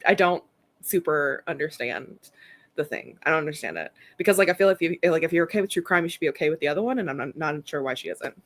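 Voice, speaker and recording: A woman talks in a loose, rambling way, leaning heavily on the word "like". Her voice sits fairly low for a woman. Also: sing-song, fast. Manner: rambling, heavy use of "like". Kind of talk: casual chat.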